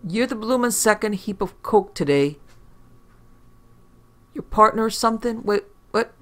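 A man's voice: high-pitched, animated, a little slow, a bit bright, soft background music, voice pushed up. A man doing a blunt, baffled morgue tech.

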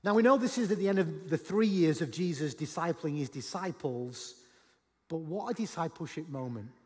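A man preaching a sermon as pastor, animated, acting out Bible dialogue and at times rising to a shout. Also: a little high, normal speed. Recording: long hall reverb.

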